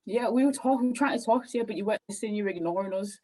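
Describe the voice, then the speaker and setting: A woman talking as a spiritual healer guest on a podcast, rambling and animated as she tells her story. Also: mid-range voice, racing, rough recording. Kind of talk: casual podcast conversation.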